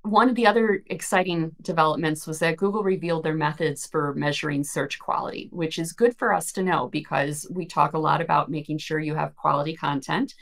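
This podcast co-host is a woman with a low, gravelly voice and fairly even intonation who talks a little fast with hardly any pauses. Casually discussing search marketing news, she explains things at length and thoughtfully, frequently restarting sentences.

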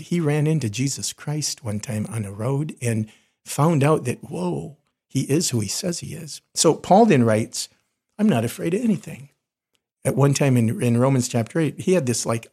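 A man's voice: medium pitch, darkish tone, breathy edge. A middle-aged man, a corporate chaplain, giving an earnest conversational podcast talk and often restarting his sentences.

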